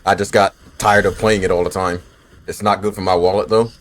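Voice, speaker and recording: A man in his twenties with a lowish voice gives laid-back, swear-heavy commentary while he plays a game. He chats loosely with his viewers between fights and is bothered by the hiccups. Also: level tone, fairly quick. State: has the hiccups. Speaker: gaming streamer. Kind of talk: casual gameplay commentary.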